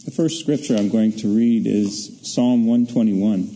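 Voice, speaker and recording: A man reading scripture aloud at a funeral service, measured and formal. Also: lowish voice, warm tone, a little hiss or hum, rough recording.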